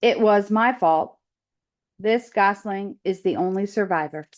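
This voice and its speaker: A woman's voice: mid-range voice, measured pace, lightly acted. A woman teacher voicing a friendly female robot in a children's read-aloud, speaking politely and formally.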